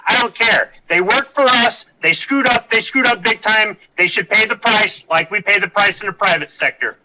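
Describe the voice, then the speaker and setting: Curt, bright-voiced man ranting. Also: high-pitched, moderate pace, poor audio. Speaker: podcast co-host. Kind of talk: casual opinion chat.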